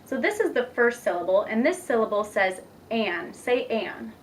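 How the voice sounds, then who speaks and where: A young woman teacher demonstrating a reading lesson, patient and encouraging, speaking slowly and clearly. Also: on the high side, lively intonation. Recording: distant mic with faint background noise.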